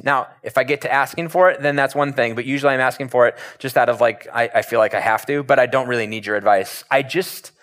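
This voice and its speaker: A male pastor delivers a sermon in a relaxed, conversational way and tells stories with plenty of animation. His voice sits at an ordinary middle pitch. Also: quick pace, hardly any pauses.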